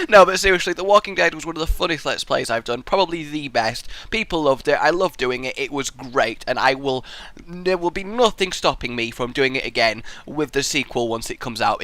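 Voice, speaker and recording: Lively, bright-voiced young man. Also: a little high, a little fast, no room sound. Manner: energetic, jokey, with sudden loud outbursts. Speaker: YouTube gaming channel host answering viewer questions. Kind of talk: casual Q&A vlog.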